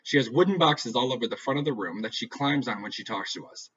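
A man reading a first-person novel aloud with a dry, deadpan delivery. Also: mid-range voice, fast talker, husky. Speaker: audiobook reader. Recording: dull lo-fi recording.

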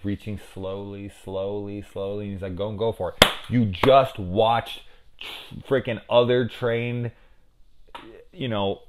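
A middle-aged man with a notably low voice talks loosely and casually through a horror movie in what sounds like an off-the-cuff video review. He rambles onto tangents, swears freely, and throws in chatty asides.

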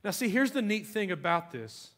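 A man preaching a sermon as pastor, talking conversationally and swinging between soft asides and emphatic lines. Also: sits high, very animated, normal speed.

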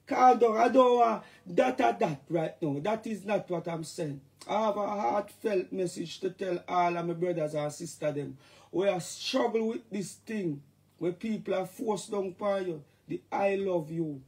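A Jamaican man chatting loosely on a live stream, his voice sitting high for a man. He rambles and jumps between topics, now and then bursting into loud catchphrases. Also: a little slow, gravelly. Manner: rambling, playful, shouts catchphrases. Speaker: dancehall artist talking to fans. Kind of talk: casual live-stream chat.

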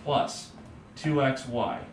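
Relaxed man teaching math in a roomy room. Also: mid-range voice, takes it slowly. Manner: relaxed, tags points with "right?". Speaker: economics teacher. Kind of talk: casual math lecture. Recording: roomy, distant mic, faint background hum.

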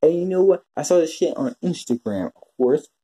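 Profane ranting vlogger, very dark husky voice. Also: medium pitch, expressive, fairly quick. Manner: repetitive, with frequent restarts. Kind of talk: ranting commentary vlog.

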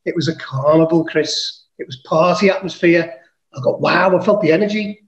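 A man's voice: on the high side, moderate pace, roomy sound, lo-fi sound. Man telling a rowdy, swear-filled story. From England. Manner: swears casually, acts out his own quotes. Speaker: podcast guest. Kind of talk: animated storytelling.

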